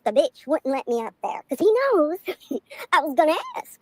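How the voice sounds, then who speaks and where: A woman's voice: high-pitched, sing-song, normal speed, no room sound, poor audio. A woman ranting on a live stream from the back seat of a car, profane and fuming, laughing between lines. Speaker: livestreamer.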